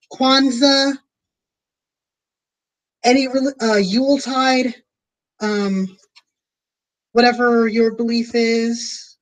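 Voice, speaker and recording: A woman's voice: a little high, low-quality recording. Chatty woman streaming from home. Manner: rambling, chatty, many fillers. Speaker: streamer planning a tabletop game. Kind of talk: casual chat to viewers.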